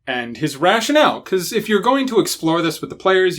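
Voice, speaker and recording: A man's voice: on the high side, brisk. A man co-hosting a podcast, chatting casually and profanely about running tabletop games, acting out quotes as he goes. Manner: animated, profane, acts out quotes. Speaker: podcast co-host.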